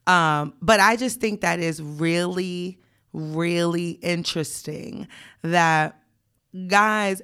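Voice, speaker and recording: A woman's voice: lowish voice, slow, fairly bright tone, clear, resonant tone. A young woman co-hosting a podcast, telling a story bluntly and candidly, often laughing. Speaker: podcast co-host. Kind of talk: casual podcast chat.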